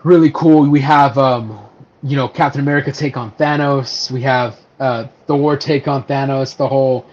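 A man co-hosting a casual podcast, talking animatedly about favorite movie scenes, laughing easily and swearing casually. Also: mid-range voice. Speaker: podcast co-host. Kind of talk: casual podcast chat about superhero films. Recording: slightly dull lo-fi audio.

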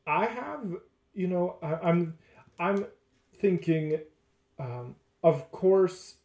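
A man who teaches, talking through faith and relationships in a measured, deliberate way. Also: high voice, expressive, darkish tone, roomy sound. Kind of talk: casual faith discussion.

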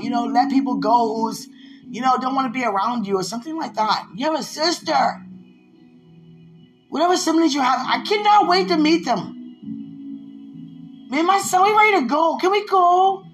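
A woman with a high-sitting voice talks to the camera at normal speed, a vlogger addressing someone she loves. She gushes, giggles and rambles as her pitch swings up and down, over a music bed in a low-quality recording.

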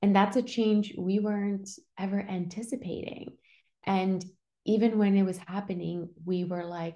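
Warm and steady, her mid-range voice moves at a normal speed as this young woman hosts her solo personal-growth podcast, offering casual reassurance peppered with "like" fillers.

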